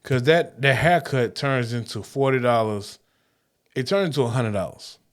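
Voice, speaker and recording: A man co-hosting a podcast, chatting casually in laid-back slang from Houston, often trailing off quietly. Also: mid-range voice, expressive, normal speed. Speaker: podcast co-host. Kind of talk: casual banter.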